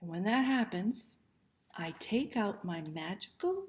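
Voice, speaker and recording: Slow, gentle woman reading a picture book. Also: mid-range voice, big pitch swings. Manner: gentle, soft-spoken, talks to children with questions. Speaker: children's librarian.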